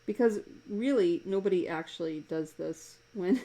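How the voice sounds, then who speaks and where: Low, gravelly-voiced woman chatting while drawing. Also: normal speed, low-quality recording. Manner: chatty and amused, laughs often, rambles between thoughts. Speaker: live-drawing cartoonist and streamer. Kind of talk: casual chat while drawing live. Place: home desk.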